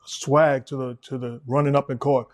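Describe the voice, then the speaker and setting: A man's voice: medium pitch, flat delivery, moderate pace. A man hosting a podcast interview, talking in a casual way and building up his phrases with repetitions and laughs. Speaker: podcast host.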